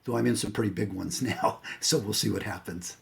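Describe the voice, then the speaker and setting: A man coach giving a motivational talk through a personal story, earnest and at times dropping low and soft to tell the hard moments. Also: brisk, gravelly.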